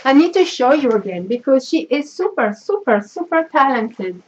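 A woman's voice: high voice, big pitch swings, normal speed, darkish tone, muffled recording, a little hiss or hum. A woman with a French accent chatting in a vlog, effusive and sentimental as she opens gifts and gushes her thanks. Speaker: craft vlogger. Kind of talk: casual unboxing chat.

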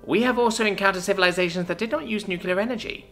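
A man voicing a small, timid mouse-like male alien officer who speaks in a squeaky, deferential way. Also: fast talker, a bit bright, faint music behind. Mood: polite.

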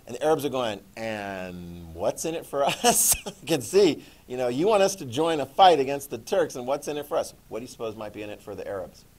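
A man teaching a class, lecturing in a lively way and checking in with the students with frequent "okay?"s and questions. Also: medium pitch, fast talker, few pauses.

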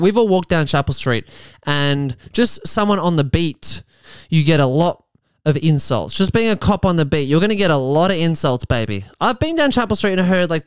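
A man hosts a comedy podcast, riffing sarcastically on a news story and slipping into quick mock voices. His voice sits a touch high and sounds smooth and resonant. He is recorded close on a dry mic. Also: no room sound. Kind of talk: comedic commentary on a news article.

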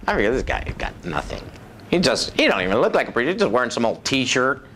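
A man preaching, telling his own testimony as animated storytelling with frequent chuckles. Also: medium pitch, quick pace, a little hiss or hum. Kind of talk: testimony sermon.

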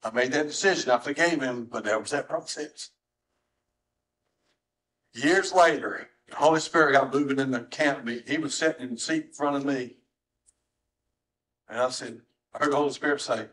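A middle-aged man, preaching a sermon as pastor in a church, swinging from soft, low tones to high, strained cries. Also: moderate pace, pauses often, poor audio. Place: church sanctuary.

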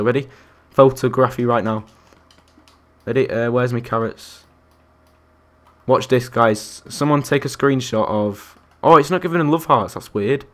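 A young man commentating his Minecraft survival game, chatty and excitable, talking to the animals and to his viewers. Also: medium pitch. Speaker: gaming YouTuber. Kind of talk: Minecraft let's-play commentary.

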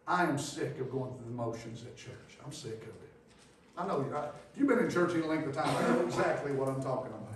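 A male pastor preaching a sermon in a church, moving from quiet scripture reading to loud, fervent exhortation with folksy grammar. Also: a little high, distant mic, slight background noise. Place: church sanctuary. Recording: very echoey church hall from afar.

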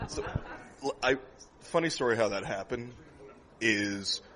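A man, a stand-up comedian, telling a lively after-show story in a comedy club, laughing often and acting out the people in it. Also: medium pitch, slow, a little hiss or hum. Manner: animated storyteller, laughs often, acts out voices.

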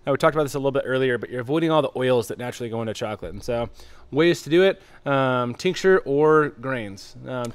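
A man's voice: medium pitch, clean tone. A man co-hosting a casual brewing livestream, explaining things in an easygoing way. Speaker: brewer and show co-host.

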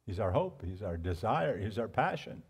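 A man preaching a sermon as pastor, swinging between hushed, reflective lines and loud, animated outbursts. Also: lowish voice, normal speed, breathy edge. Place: church sanctuary.

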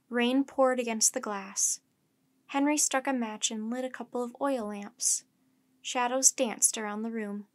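A woman storyteller reading a children's chapter book aloud in a gentle, measured way. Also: fairly high pitch.

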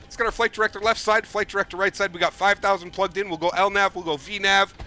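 A young man with a high, sharp voice streams a flight simulator, speaking quickly with fairly even intonation. His live gameplay commentary is upbeat chat, and he thanks donors over and over.

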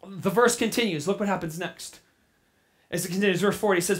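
Preaching a sermon, this female pastor grows animated and quickly repeats herself in excitement. She then shifts down to a quiet, low, reflective voice.

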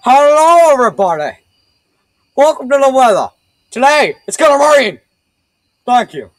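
A man's voice: very high-pitched, sing-song, normal speed, dry recording, faint music behind, pitched above the performer's own voice. A man voicing an overly cheerful male TV weatherman with a put-on accent. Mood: chipper. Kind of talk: goofy improvised impression.

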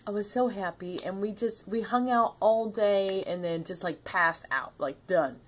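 A woman's voice: medium pitch, a little slow, slight background noise. An older woman vlogging in a casual, playful storytelling way, laughing often.

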